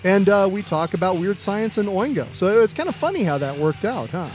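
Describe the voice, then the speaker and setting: A man's voice: high-pitched, expressive, brisk, darkish tone, soft background music. A man co-hosting a podcast, chatting casually and telling jokes, swearing freely and using a lot of fillers. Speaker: podcast co-host. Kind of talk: casual chat and joke telling.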